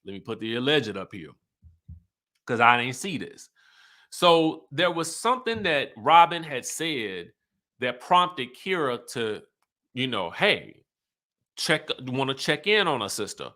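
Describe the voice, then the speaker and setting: A man hosting an online show, recapping in animated, chatty talk with emphatic asides. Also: mid-range voice, a little slow. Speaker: YouTube host recapping reality TV. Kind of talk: casual chat.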